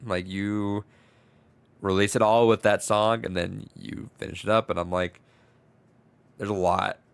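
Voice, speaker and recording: A man's voice: on the low side, fairly even intonation, unhurried, creaky, clean tone, no room sound. A man co-hosting a podcast, telling a story in rambling casual chat, restarting his words and swearing freely. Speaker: podcast co-host.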